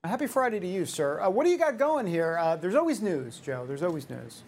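Woman in her fifties, talk show host, lively pitch, sarcastic asides, opinion commentary. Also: a little fast, a little hiss or hum. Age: 50s.

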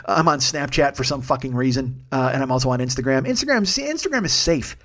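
A man's voice: mid-range voice, animated, fairly bright tone. A man in his forties, a comedian hosting his own show, ranting at length with constant swearing and sudden bursts of intensity. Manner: profane, fast ranting with bursts of raised intensity. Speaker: comedian podcast host. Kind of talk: solo comedic rant.

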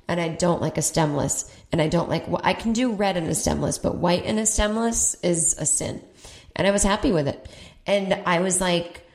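A woman with a somewhat low-pitched voice rambles through a personal story for her comedy podcast. She swears casually, pokes fun at herself and slips into quick put-on voices for the people she quotes. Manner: chatty, profane, self-mocking, quotes people in put-on voices. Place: at home.

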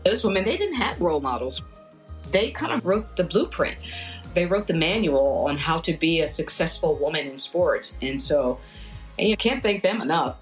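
A woman's voice: low-pitched, lively intonation, normal speed, faint music behind. A woman sports journalist speaking earnestly and admiringly in an interview.

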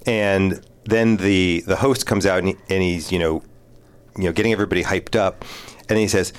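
A man's voice: low voice, fairly even intonation, normal speed, clean tone. A middle-aged man telling family stories in a casual chat, often breaking into laughter.

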